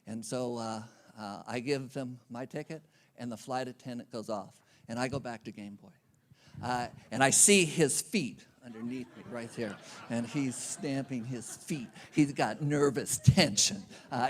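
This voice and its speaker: A man's voice: mid-range voice, measured pace, a bit bright. A man giving a conference speech, telling a humorous self-deprecating travel story. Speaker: conference speaker. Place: conference venue.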